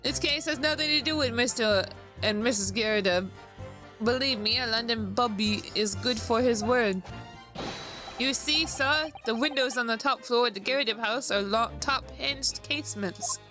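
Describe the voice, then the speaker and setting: Brief: cheerful sleepy young constable, bright and a bit high, read by a woman streamer, music beneath. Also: moderate pace. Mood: eager. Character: drowsy, eager young male police constable.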